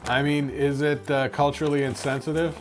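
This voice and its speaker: A man's voice: a little high, flat delivery, a little fast, soft background music. A man co-hosting a podcast, chatting casually and explaining things at length. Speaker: podcast co-host. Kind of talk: casual banter.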